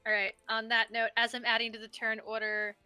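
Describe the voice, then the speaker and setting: Bright-voiced young woman game master. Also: on the high side, monotone, fairly quick, clear, resonant tone, no room sound, soft background music. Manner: playful, breaks into laughter. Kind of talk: narrating a tabletop game.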